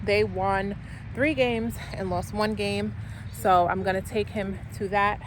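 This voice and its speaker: Chatty mom vlogging over car noise. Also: female voice, medium pitch, fairly even intonation, takes it slowly. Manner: chatty, rambling with many fillers. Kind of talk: casual vlog chat. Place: in and around a car, outdoors. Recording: noisy outdoor and car ambience.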